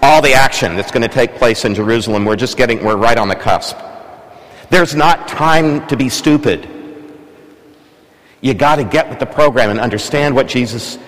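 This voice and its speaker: A man's voice: medium pitch, moderate pace, fairly bright tone. A man preaching a sermon in a large church, talking casually and drawing the congregation in with questions. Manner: conversational, engages congregation with questions. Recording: long church reverb.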